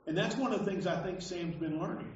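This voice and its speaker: High-voiced man preaching in an echoey hall. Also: fast talker, distant mic, slight background noise. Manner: conversational, stammers and repeats words, emphatic. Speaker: pastor. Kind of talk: sermon. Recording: echoey hall, dull lo-fi sound.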